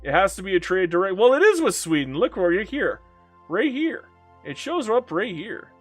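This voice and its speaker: A man's voice: high-pitched, very animated, normal speed, soft background music. A man giving casual live-stream commentary on a strategy game, chatty and swearing, talking back to the game and to chat.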